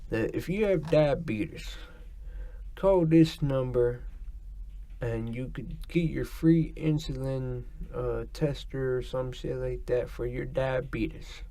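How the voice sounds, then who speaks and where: A man imitating an old male pitchman from a diabetes commercial, talking slowly and earnestly. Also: dark tone.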